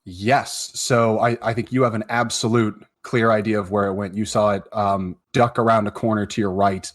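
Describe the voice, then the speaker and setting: A man's voice: on the low side, level tone, normal speed. Male game master narrating a tabletop game, hesitant, full of fillers. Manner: hesitant, many fillers and restarts.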